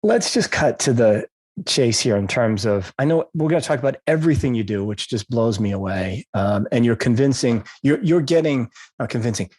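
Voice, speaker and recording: With a mid-range, somewhat dark voice, a man hosts a casual podcast interview. He jokes, puts himself down, and asks rambling questions.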